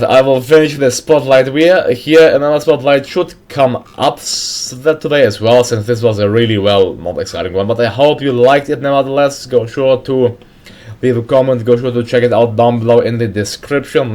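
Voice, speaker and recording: A man hosting a casual game mod review, reading out names haltingly with frequent pauses and restarts. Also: mid-range voice, darkish tone. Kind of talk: casual screen-recorded game commentary.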